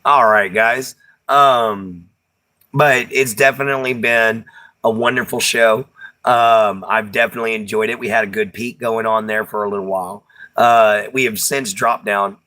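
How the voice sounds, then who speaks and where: A man's voice: fairly low pitch, steady tone, normal speed, bright, forceful tone. A man with a Texan accent hosting a livestream, chatting casually with viewers, laughing often and using Southern slang. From Texas. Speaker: livestream host. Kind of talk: casual chat reading viewer comments.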